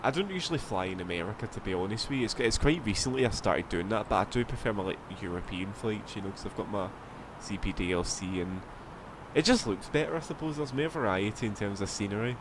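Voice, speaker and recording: A man's voice: fairly low pitch, animated, fast, background noise. A man with a Scottish accent, rambling casually as he streams a flight sim, swearing now and then. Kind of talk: casual gameplay commentary.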